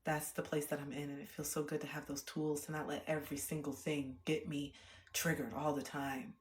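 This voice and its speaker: A young woman streaming, chatting candidly and reflectively, swearing freely and getting animated when she retells things. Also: low voice, brisk. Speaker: livestreamer. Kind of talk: candid casual livestream chat. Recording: roomy echo.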